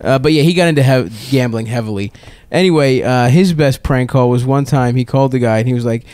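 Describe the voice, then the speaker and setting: A man's voice: medium pitch, a little fast, a little mellow, no echo. Guy from baltimore rambling thru a story on a podcast, laughs a lot, dry close mic. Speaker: podcast co-host. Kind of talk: casual comedy chat.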